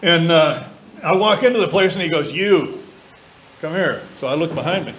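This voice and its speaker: A man sharing his recovery story in plain, earthy speech, salted with mild curses and lively impressions of the people he quotes. His voice sits a bit high for a man. A faint hiss runs under the recording of the meeting room. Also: fast talker, rough recording. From southern California. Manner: blunt, earthy and colloquial, with mild swearing; mimics voices of others in quoted lines. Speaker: AA meeting speaker. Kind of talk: personal recovery talk.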